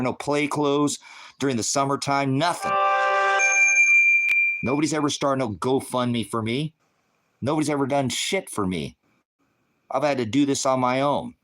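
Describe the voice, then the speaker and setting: A middle-aged man ranting on a livestream, heated, profane and confrontational, lecturing his viewers and the chat directly. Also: mid-range voice. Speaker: livestream host. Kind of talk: livestream rant.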